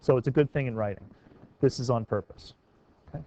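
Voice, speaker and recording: A man with a mid-range, mellow voice speaks briskly over dull-sounding audio. He's teaching a class, encouragingly calling on students by name and coaxing them to attempt sentence revisions.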